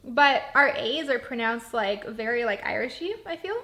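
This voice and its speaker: A woman's voice: on the high side, animated, moderate pace, pushed and bright. A woman from Canada with a Canadian accent, chatting as a guest over wine, giggly and self-conscious about how she talks. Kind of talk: casual chat over wine.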